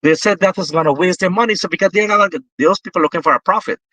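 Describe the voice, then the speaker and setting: A man's voice: high-pitched, rapid-fire, bright, forceful tone, dry recording, rough recording. A Guyanese man talking politics with passion, often restarting his sentences. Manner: impassioned, repetitive restarts. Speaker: political guest. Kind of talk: political discussion.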